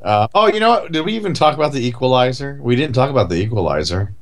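A man's voice: mid-range voice, big pitch swings, fast. A man co-hosting a casual chat, rambling with lots of "like" and "you know". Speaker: podcast co-host.

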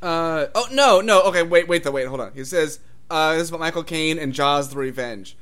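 A fairly high-voiced man in easy conversation as a co-host. He answers drily, with a steady stream of sarcastic asides. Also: a little fast. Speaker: podcast co-host. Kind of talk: casual chat.

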